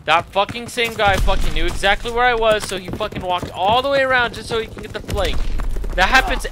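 A man's voice: high-pitched, a little fast, music in the background. A young man giving profane, frustrated gameplay commentary, breaking into angry outbursts. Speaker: gaming video creator. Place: at home playing a console shooter. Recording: loud gunfire from the game behind the voice.

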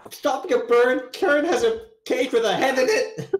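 A woman playing in a tabletop game, asking quick, amused questions. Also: sits high, a loud crowd. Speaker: player. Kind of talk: casual tabletop play.

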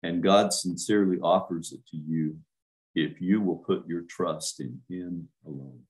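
A man with a low, deep voice preaches a sermon as a minister. He drives his points home by repeating words over and over, and he puts direct questions to his listeners. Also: measured pace, a little mellow, low-quality recording. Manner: emphatic, repeats words for stress.

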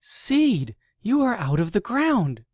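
A lonely storybook raccoon, earnest and simple, as a reader plays him, speaking plainly and unhurried. The voice stays close to an everyday reading voice and is recorded dry. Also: medium pitch, very animated, darkish tone, no echo.

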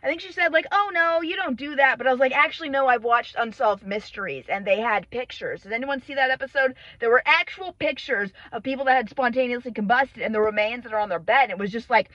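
A young woman vlogs in and around a car with her phone held at arm's length, rambling through sweary, self-mocking comic tangents. Her voice is fairly high, bright and quick with few pauses, and the audio is dull with no echo.

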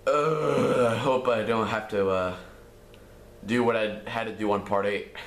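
A man's voice: on the low side, steady tone, a little slow, slight background noise. A man doing casual let's play commentary, ranting in frustration and swearing often. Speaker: gamer. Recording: roomy echo with faint game music.

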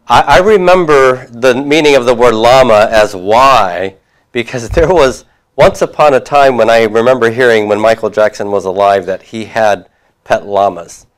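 A man teaching a class, reviewing homework and prompting students with questions, with occasional chuckles. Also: mid-range voice.

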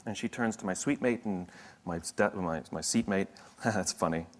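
A motivational speaker with a low-sitting voice and a normal pace tells stories conversationally, adding humorous asides.

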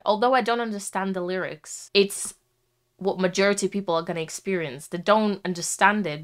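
A woman's voice: fairly low pitch, smooth. A young woman giving chatty, heartfelt commentary while reacting to a music video. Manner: chatty, heartfelt, frequent "like" fillers.

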